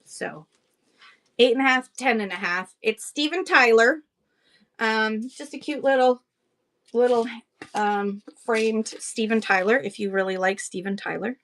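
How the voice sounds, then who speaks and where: A woman's voice: on the high side, measured pace, fairly bright tone. A woman from Canada hosting a casual live-stream auction, chatty and rambling, greeting viewers by name. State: out of breath.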